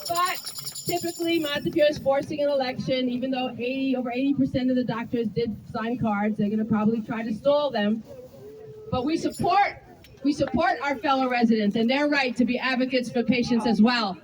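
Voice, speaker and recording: A woman's voice: sits high, brisk. A woman nurse speaking earnestly at a union rally, introducing the next speaker. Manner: chanting, earnest. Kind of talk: rally speech. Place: outdoor street rally. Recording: distant mic, crowd noise. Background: chanting crowd.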